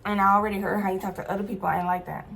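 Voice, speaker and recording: A woman's voice: mid-range voice, little pitch movement, very fast, gravelly, fairly bright tone, a little hiss or hum. Chatty young woman telling a storytime. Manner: chatty, slangy and emphatic, with many asides to viewers. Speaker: vlogger. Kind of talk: casual storytime.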